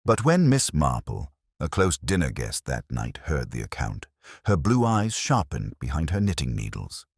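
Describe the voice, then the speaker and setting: A man hosting and narrating a classic detective story in a measured, solemn storyteller manner. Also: a bass voice, huge pitch swings, slightly rough, no echo, clean studio sound. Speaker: host and narrator.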